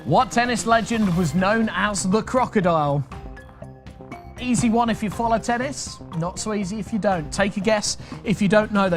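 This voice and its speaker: A British man hosting a live online quiz, reading out questions and answer options with chatty, jokey patter. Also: sits high. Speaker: quiz master.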